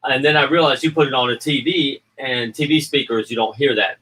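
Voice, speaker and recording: A man's voice: medium pitch, steady tone, fairly quick, sharp tone, husky, far from the mic, poor audio. A man chatting casually about editing his own film, rambling, repeating himself and acting out quotes. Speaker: indie filmmaker and editor. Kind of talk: casual livestream chat.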